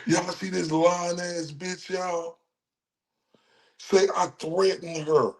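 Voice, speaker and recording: Heated, profane man with a high voice. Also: flat delivery, takes it slowly, darkish tone. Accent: Texan. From Dallas, Texas. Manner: profane, heated, laughing asides. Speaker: livestream host. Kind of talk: heated livestream rant.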